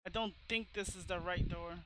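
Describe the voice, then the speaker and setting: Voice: mid-range voice, steady tone, normal speed, sharp tone, slight background noise, lightly acted, rough recording. A streamer voicing a polite, hesitant young man collecting a debt in a game. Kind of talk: gameplay voice reading.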